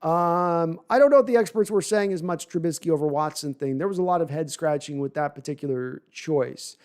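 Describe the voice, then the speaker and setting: A man's voice: fairly high pitch, brisk, a little mellow, smooth. A man hosting a live sports podcast, talking at length and reading chat comments, often repeating words as he restarts sentences.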